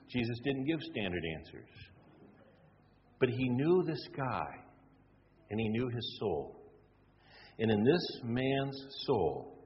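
A man preaching a sermon, animated and acting out the people in his story. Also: mid-range voice. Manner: animated, acts out quoted voices. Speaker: pastor. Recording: dull sound in a reverberant hall.

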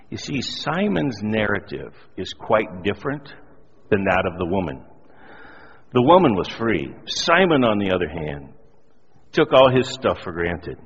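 A middle-aged man preaching a sermon, telling a personal story with animated, self-deprecating humor. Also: fairly low pitch, measured pace, breathy edge. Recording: dull lo-fi audio in a reverberant hall.

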